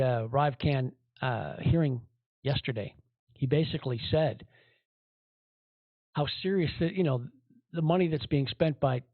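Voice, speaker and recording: A man's voice: on the high side, no echo. Indignant rambling man, tinny audio. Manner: rambling, indignant, many fillers. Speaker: podcast host. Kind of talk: casual commentary.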